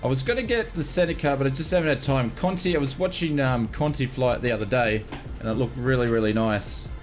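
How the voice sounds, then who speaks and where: A man's voice: mid-range voice, fairly quick, faint music behind. An Australian man live-streaming a flight simulator, chatting casually and greeting viewers by name.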